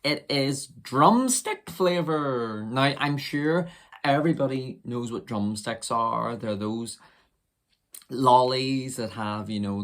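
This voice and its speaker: A young man chatting to camera while reviewing a drink, rambling with lots of fillers, his voice husky from a summer cold. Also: mid-range voice.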